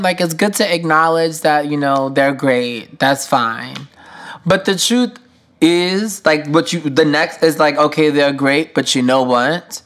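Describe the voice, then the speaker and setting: A man's voice: fairly high pitch, measured pace, fairly bright tone. A man hosting a podcast, talking through his feelings in a candid, emotional solo monologue, swearing freely with casual slang and lots of fillers. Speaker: podcast host.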